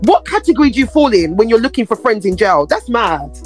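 Animated woman telling stories. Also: brisk, faint music behind. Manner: animated storyteller, acts out quotes with big pitch swings. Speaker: podcast co-host. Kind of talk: casual chat.

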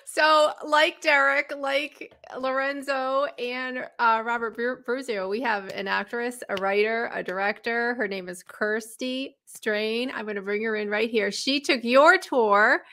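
Female co-host, high and bright, unhurried; cheerful intros and reactions. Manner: upbeat, introduces guests, quick to react. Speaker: podcast co-host. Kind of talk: casual podcast chat.

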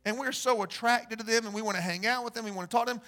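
A man preaching a sermon, telling stories and acting out the people in them, building to loud emphasis. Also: very high-pitched, rapid-fire. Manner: storytelling, acts out quoted voices, rises to loud emphasis. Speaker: pastor.

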